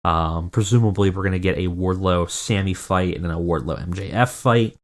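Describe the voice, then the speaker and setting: A man's voice: low voice, moderate pace. A man giving casual, rambling commentary on a wrestling management game, often correcting himself. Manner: rambling, self-correcting, chuckling. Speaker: video game let's player.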